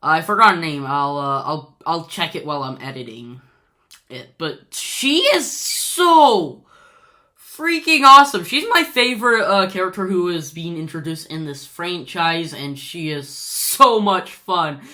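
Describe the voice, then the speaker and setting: A woman's voice: sits low, expressive, moderate pace, pushed and bright. A woman giving an unscripted movie review in a casual vlog, gushing and rambling with lots of fillers and restarts.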